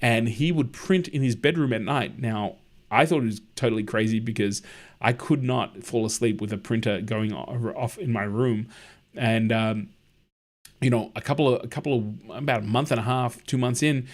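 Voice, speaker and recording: A man's voice: mid-range voice, moderate pace. A man hosting a casual livestream, chatting in a friendly way, answering viewer comments and telling anecdotes. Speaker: livestream host.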